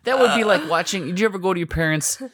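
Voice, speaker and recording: A woman co-hosting a podcast, chatting casually and dropping teasing, quick-witted remarks while laughing often. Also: fairly low pitch, a bit bright, dry recording, studio quality. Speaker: podcast co-host. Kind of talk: casual chat.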